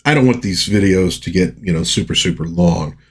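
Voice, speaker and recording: A low-pitched man talks his way casually through a comic book review. His voice has a husky grain, and he rambles in a chatty way, dropping wry little asides as he goes. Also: brisk. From United States.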